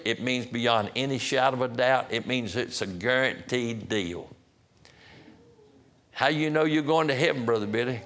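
A man preaching a sermon as pastor, swinging from loud emphatic peaks to hushed, slow drops. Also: mid-range voice.

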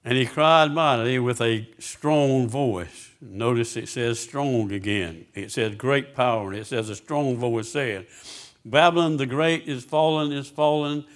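Man, preaching, middle pitch, reads scripture, asks questions. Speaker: pastor. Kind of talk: sermon.

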